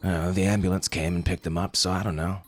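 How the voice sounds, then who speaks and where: A man voicing a mellow alien beach hermit in a story reading, with a laid-back drawl. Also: low voice, little pitch movement, quick pace, soft background music. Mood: amused. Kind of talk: audiobook character voice.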